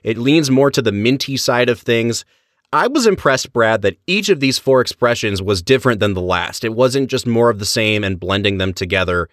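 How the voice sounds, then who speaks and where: A man's voice: medium pitch, lively intonation, moderate pace, a bit bright, dry recording, studio quality. A man co-hosting a podcast, chatting enthusiastically with his co-host. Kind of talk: casual chat.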